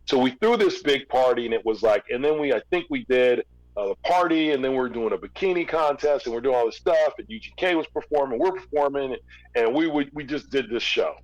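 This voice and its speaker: A man's voice: medium pitch, animated, brisk, highs cut off. A man, a former record label executive, telling a long story in a casual interview, with fillers and restarts.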